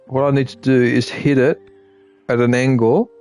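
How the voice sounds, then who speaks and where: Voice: mid-range voice, little pitch movement, normal speed, darkish tone, soft background music. A streamer giving live commentary while gaming, frustrated and swearing often, talking back at the game.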